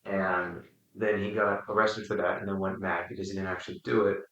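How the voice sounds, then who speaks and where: A man leading a casual book discussion, explaining his thoughts carefully with frequent pauses. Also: sits low, level tone, a bit bright, muffled recording. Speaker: book study discussion leader. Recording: roomy, distant mic.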